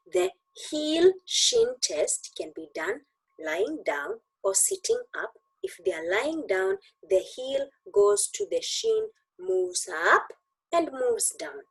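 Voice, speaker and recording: A woman's voice: very high voice, gravelly, low-quality recording. A woman tutoring doctors in an online exam-review lesson, joking and demonstrating as she teaches, heard through a computer mic on a video call.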